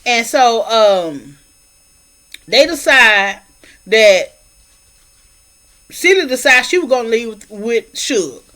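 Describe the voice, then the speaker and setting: High-voiced woman retelling a film. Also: slow, long pauses. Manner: animated storyteller, colloquial, slips into character voices. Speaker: movie reviewer. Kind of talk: casual plot recap.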